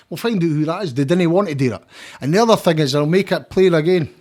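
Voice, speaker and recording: A man's voice: sits high, animated, quick pace. An older Scottish man talking as a podcast guest, blunt and rambling, with frequent swearing. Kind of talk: casual conversation.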